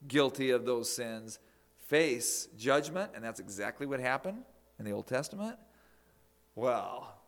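A man with a medium-pitched voice preaches a sermon emphatically, swinging from loud declarations down to near whispers.

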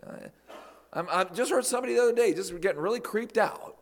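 A man's voice: sits high, fast talker. A man preaching a sermon in a conversational way, with folksy asides and emphatic peaks. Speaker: pastor.

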